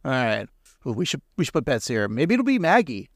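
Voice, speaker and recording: A man's voice: medium pitch, very animated, brisk, dry recording. Jokey man with a dry close voice. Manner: jokey, rambling, laughs often. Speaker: podcast co-host. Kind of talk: casual podcast chat.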